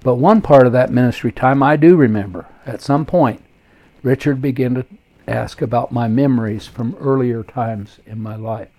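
A man's voice: mid-range voice, normal speed, mellow. An older man, a pastor, reading his own memoir aloud in an earnest, reflective way.

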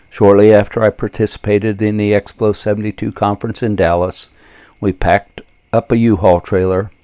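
An older man reading his own memoir aloud in a measured, earnest way, with occasional slips. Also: fairly low pitch, a little mellow, no echo. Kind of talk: memoir narration.

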